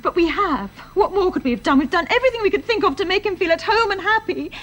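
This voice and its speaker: Casting: very high-voiced teenage girl, tearful and indignant, radio drama. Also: expressive, quick pace, fairly bright tone. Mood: distressed.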